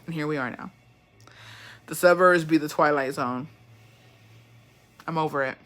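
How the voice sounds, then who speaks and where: Host ranting casually, foul-mouthed and worked up, with a bright, sharp edge. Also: medium pitch, unhurried. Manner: profane, animated, swears constantly. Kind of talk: casual rant.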